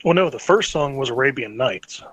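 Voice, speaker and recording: A man's voice: medium pitch, animated, normal speed, fairly bright tone, husky, lo-fi sound. A man co-hosting a casual chat, mostly interjecting briefly and joking. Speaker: podcast co-host.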